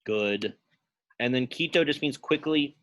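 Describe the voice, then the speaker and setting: A man's voice: mid-range voice, a little slow, a bit bright, no room sound, highs cut off. A man teaching a Latin class, casually quizzing students by name and thinking aloud as he works through sentences in a classroom. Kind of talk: classroom lesson.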